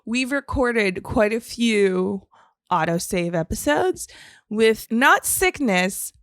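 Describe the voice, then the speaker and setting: Woman, upbeat, laughs often, slightly high voice, dry close mic. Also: expressive, slow, a bit bright, dry recording. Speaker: podcast co-host. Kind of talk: casual chat.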